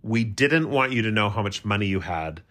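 A woman's voice: rumbling low, animated, brisk, a bit bright. A woman co-hosting a podcast in sarcastic, joking casual chat. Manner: sarcastic, swearing, riffing. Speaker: podcast co-host.

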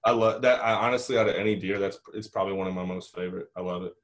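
Young male storyteller, lowish voice, rambling casual delivery. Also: steady tone, racing. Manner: rambling, frequent "like" and "you know", swearing. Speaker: hunter telling a story.

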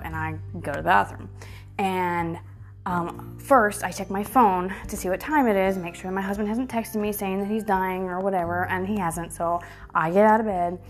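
A woman in her thirties telling a story to her viewers in a chatty, animated way, full of fillers and swearing. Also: mid-range voice. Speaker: vlogger. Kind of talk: casual storytelling to camera.

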